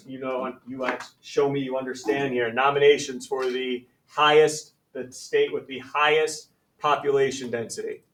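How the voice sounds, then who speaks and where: A man's voice: medium pitch, fairly bright tone, far from the mic. A man teaching a math class. He sounds conversational and upbeat as he calls on students by name. The voice sits a little away from the mic, and the classroom echoes around him. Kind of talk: classroom lesson.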